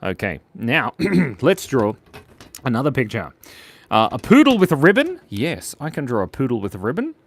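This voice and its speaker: On a playful kids' art stream, an Australian man draws and jokes along with his viewers. He has a medium-pitched voice that swoops wildly, delivered at a moderate pace.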